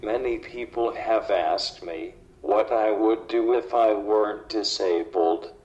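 Computerized male speech voice, slow and lowish, dull lo-fi playback. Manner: flat, evenly spaced machine delivery. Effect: computerized synthetic voice.

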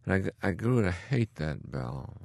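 A retired country doctor from upstate New York, in his eighties, tells his grandson wry stories from his school days in a storytelling interview, chuckling as he goes. His low, creaky voice is very animated at a moderate pace, with no echo.

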